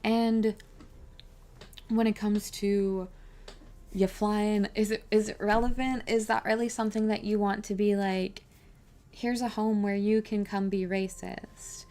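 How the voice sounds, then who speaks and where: A woman's voice: medium pitch, mellow, slight background noise. A woman streaming a live reaction to a debate, blunt and heated, swearing often. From Canada. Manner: blunt, swears heavily, angry and impassioned.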